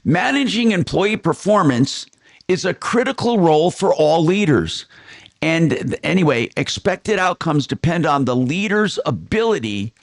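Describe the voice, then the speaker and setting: A man's voice: on the high side, very animated, measured pace. A man hosting a consumer call-in radio show, giving the phone number and chatting with his crew. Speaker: radio host. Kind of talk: radio hosting and studio chat.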